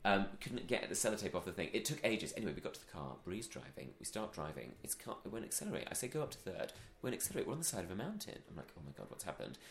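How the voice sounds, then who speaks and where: A man co-hosting a podcast, telling a story in casual chat with animated delivery and frequent laughter. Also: lowish voice, racing, vocal fry, hardly any pauses. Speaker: podcast co-host. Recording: echoey room.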